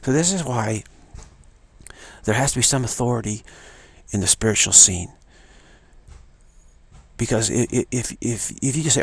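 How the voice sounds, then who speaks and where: A man's voice: mid-range voice, normal speed, gravelly, pauses often, slightly rough, dry recording, rough recording. A man giving an informal spiritual talk in a rambling way, often acting out little dialogues. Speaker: spiritual teacher. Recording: loud background noise.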